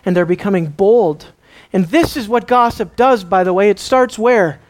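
A man's voice: high-pitched, normal speed. Dramatic man preaching a sermon. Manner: dramatic, asks the crowd rhetorical questions; acts out the people in the story. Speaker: pastor.

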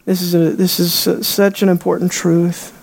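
A preacher in the middle of a sermon, firing rhetorical questions at the congregation. The delivery lurches from loud, raised emphasis down to hushed, low asides and back again. It is the voice of someone working the room from the pulpit. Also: level tone, normal speed, gravelly. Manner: dramatic swings between loud high emphasis and quiet low asides.

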